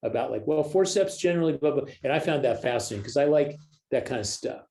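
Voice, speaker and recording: The older American guest on this podcast, a spiritual leader and counselor, talks fast with a medium-pitched voice and some vocal fry. He tells stories casually and animatedly, imitating the voices he quotes, and the recording quality is low.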